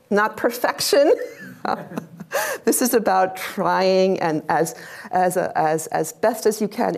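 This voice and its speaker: A woman's voice: mid-range voice, gravelly, darkish tone. A middle-aged woman, a religious sister, giving a live lecture with slides to an audience, chatty, laughing often and asking the room questions.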